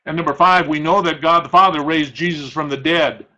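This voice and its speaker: A middle-aged male pastor preaching a sermon, slowing down hard to stress scripture quotations. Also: a little high, steady tone, bright, forceful tone, lo-fi sound. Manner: emphatic, slows to stress scripture, throat-clearing.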